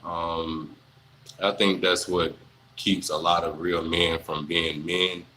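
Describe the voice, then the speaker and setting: A young man, chatting casually on a livestream, answering viewers in a relaxed, rambling way full of fillers. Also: deep voice, slow, a little hiss or hum, rough recording. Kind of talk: casual live Q&A chat.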